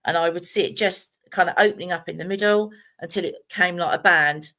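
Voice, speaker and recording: This is a middle-aged woman, speaking in a slightly low voice. She rambles casually through her live-stream talk, full of fillers and restarts. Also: a little fast, bright, forceful tone. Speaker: meditation teacher.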